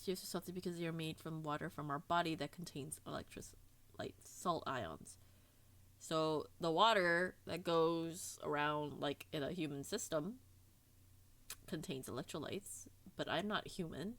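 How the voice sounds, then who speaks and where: A woman's voice: low-pitched, unhurried, a bit bright. A woman streamer in casual chat with her audience, bubbly and giggly, teasing herself in a playful way.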